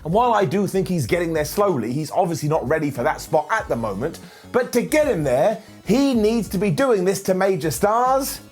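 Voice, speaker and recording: A man hosting a casual review show, talking in an animated, jokey and ranting way. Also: high voice, brisk. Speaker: host. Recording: faint background music.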